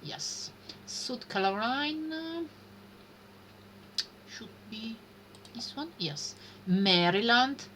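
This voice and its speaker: Lady streaming a game, thinks out loud, slow and hesitant, kinda sharp bright tone. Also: a little high, expressive, a little hiss or hum. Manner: thinking aloud, hesitant muttering. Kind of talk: live-stream gameplay commentary.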